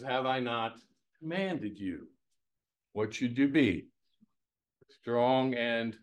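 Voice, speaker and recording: A medium-pitched man teaches Scripture to people gathered in person, talking to them casually. His delivery is energetic and folksy, full of rhetorical questions and plainspoken humor.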